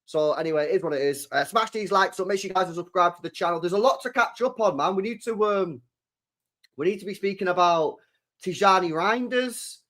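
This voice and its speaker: Young man, streamer host, slangy and loose, slightly high voice, jumps between shouting and mumbling. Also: fairly quick. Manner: loose and chatty, slang-heavy, swings from loud bursts to mumbling. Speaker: football channel host. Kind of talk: casual live-stream chat.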